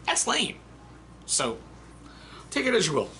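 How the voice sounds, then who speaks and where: A man's voice: high-pitched, huge pitch swings, a little slow, sharp tone, slight background noise. A man, an Army veteran, giving a blunt, chatty book review and reading passages aloud. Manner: blunt, chatty, swears casually. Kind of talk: casual spoken book review.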